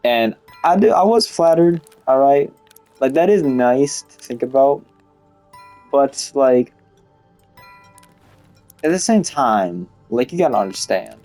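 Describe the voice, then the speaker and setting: A man's voice: mid-range voice, lively intonation, takes it slowly, long pauses, a little mellow, soft background music. A young man telling a story in a rambling, casual way, with lots of swearing and filler "like". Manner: rambling, swears a lot, heavy use of "like". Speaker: vlogger.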